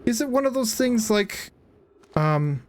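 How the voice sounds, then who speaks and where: A man's voice: high-pitched, sing-song, unhurried. A tired man streaming a game live, chatting casually with rambling fillers and frequent swearing. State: tired, yawning. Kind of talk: casual live gameplay commentary.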